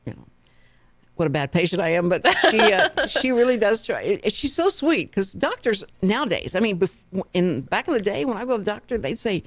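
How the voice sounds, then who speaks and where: Texan woman host, lively storyteller, studio mic, dry sound. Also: medium pitch, brisk, dry recording. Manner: chatty, animated storytelling with laughs. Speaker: radio talk show host. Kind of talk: casual radio chat. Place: radio studio. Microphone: studio microphone.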